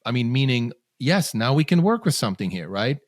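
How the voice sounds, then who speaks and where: A man's voice: medium pitch, very animated, brisk, no echo, studio quality. A man, a guest parenting coach, talking earnestly in a casual podcast conversation and often repeating words as he gathers his thoughts.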